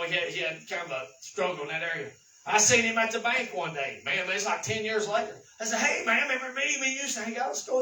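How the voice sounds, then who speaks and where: A man preaching a sermon, telling folksy stories and building to shouted exhortation. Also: high-pitched, roomy sound, recorded from a distance, a little hiss or hum, low-quality recording. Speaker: pastor.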